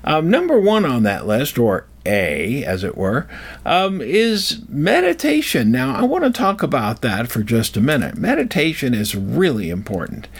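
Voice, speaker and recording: Older man with a lively, rambling delivery. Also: medium pitch, unhurried, vocal fry, breathy edge. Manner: digressive, self-interrupting storyteller. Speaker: speaker giving life advice. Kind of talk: casual rambling monologue.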